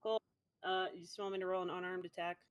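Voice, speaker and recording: Animated woman playing a tabletop game. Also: fairly low pitch, fast. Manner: animated, laughing, describing her character's actions. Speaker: player. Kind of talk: tabletop game play on a live stream.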